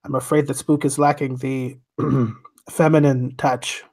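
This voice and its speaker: A man's voice: medium pitch, level tone, measured pace, a little mellow. A man voicing an earnest, literal-minded male droid who talks in stiff, formal phrasing.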